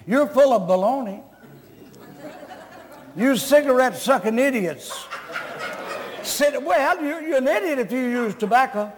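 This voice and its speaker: A man's voice: extremely high pitch, lively intonation, measured pace. A man preaching a revival sermon, blunt and scolding, joking with the congregation. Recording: long reverb of a large hall.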